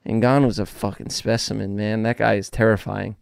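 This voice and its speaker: A man talking casually as a podcast guest, telling animated stories and swearing freely. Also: on the low side, moderate pace, gravelly, clear, resonant tone. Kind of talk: casual chat.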